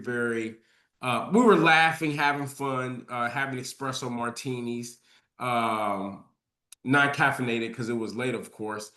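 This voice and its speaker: A man's voice: medium pitch, a bit bright. A man with a mid-range voice tells a casual anecdote on a podcast. He hesitates and restarts often as he rambles along. His voice sounds roomy and echoey. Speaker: podcast guest or co-host.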